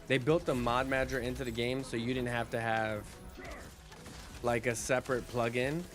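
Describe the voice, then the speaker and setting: A man's voice: mid-range voice, moderate pace, music in the background. A man streaming a game, chatting casually and rambling to his viewers. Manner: relaxed, rambling, with restarts and fillers.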